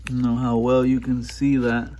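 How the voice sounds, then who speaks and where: A man showing an engine swap in a garage workshop narrates casually, peppering his walkthrough with ums and uhs. He speaks at a moderate pace in a mellow, monotone, mid-range voice.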